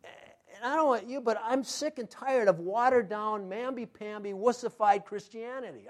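A male pastor preaching a sermon with emphatic rhetorical questions, swinging between loud pushes and quiet asides. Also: high-pitched, moderate pace.

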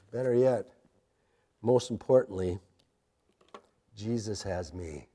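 A man preaching a sermon in a church sanctuary, with impassioned rises and a hushed closing prayer. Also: high-pitched, measured pace, long pauses. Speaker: pastor.

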